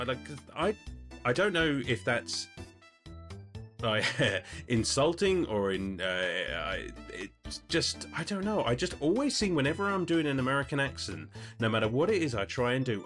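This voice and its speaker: A man's voice: mid-range voice, a bit bright. British man, chatty podcast host. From United Kingdom. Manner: rambling, self-correcting, chatty. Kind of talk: casual chat answering listener questions.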